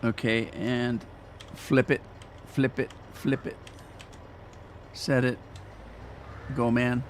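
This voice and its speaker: A man's voice: medium pitch, little pitch movement, extremely slow, a little hiss or hum. Rambling man narrating his farming game. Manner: chatty, rambling, self-teasing. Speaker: gaming streamer. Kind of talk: casual gameplay commentary.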